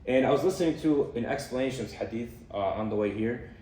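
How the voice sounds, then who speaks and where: A young man giving a casual talk on a hadith, explaining in a relaxed way with fillers and Arabic terms. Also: mid-range voice, fast, slight background noise. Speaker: student speaker on hadith. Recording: echoey room from far off.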